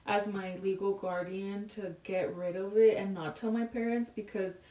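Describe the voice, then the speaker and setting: A woman's voice: medium pitch, steady tone, moderate pace, mellow. Chatty young woman in an echoey room. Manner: chatty, frequent "like" fillers. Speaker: podcast guest. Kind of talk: casual personal storytelling. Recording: roomy echo, distant from the mic.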